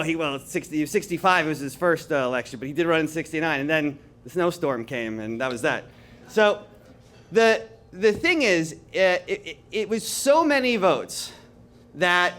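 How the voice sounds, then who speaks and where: High-voiced, animated New man. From New York. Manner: animated, chatty, laughs at his own stories. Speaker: guest speaker. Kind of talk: storytelling talk to an audience.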